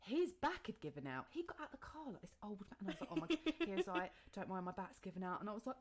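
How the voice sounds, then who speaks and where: A woman's voice: fairly high pitch, sing-song, rapid-fire, few pauses, a crowd in the background. A woman in her thirties from England, co-hosting a casual podcast chat, telling a long story and acting out her own reactions with casual swearing. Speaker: podcast co-host.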